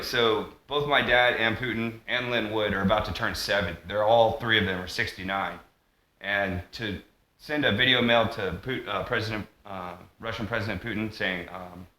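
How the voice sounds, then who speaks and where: A man talking through a loose monologue vlog, drifting from tangent to tangent and restarting his sentences. His voice is lowish with a bright, forceful edge. It bounces around an echoey room. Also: moderate pace. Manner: tangent-heavy, full of fillers and restarts. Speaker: vlogger.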